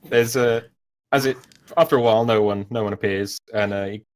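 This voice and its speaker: A man's voice: mid-range voice, fairly even intonation, a little fast. A man narrating as game master of a tabletop game, rambling and self-mocking with many fillers.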